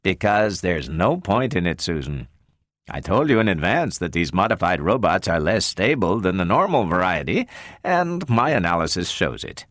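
A smooth, condescending senior scientist from an audiobook, read by a man. His voice sits low and his tone is curt. The recording is dry. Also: sing-song, normal speed, fairly bright tone, no room sound. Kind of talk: audiobook character reading.

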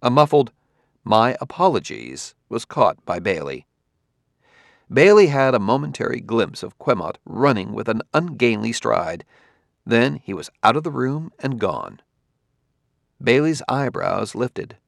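A man narrating an audiobook in a measured, steady reading style. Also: medium pitch, gravelly, no room sound, clean studio sound. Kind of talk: scripted narration.

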